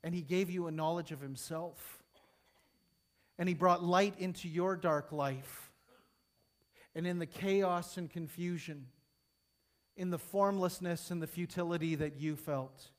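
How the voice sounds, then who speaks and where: A man preaching a sermon to his congregation, rising to emphatic peaks and falling soft, then leading a prayer. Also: a little high, steady tone, takes it slowly, long pauses. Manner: emphatic, building and falling in intensity.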